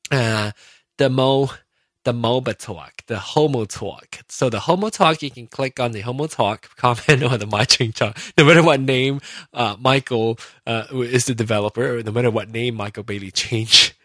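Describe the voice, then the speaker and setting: Brief: male solo podcaster, rambling and self-deprecating, mid pitch, dry close mic. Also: normal speed, a bit bright, no echo. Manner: rambling and self-mocking, many fillers and restarts. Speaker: podcast host. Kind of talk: casual solo podcast chat.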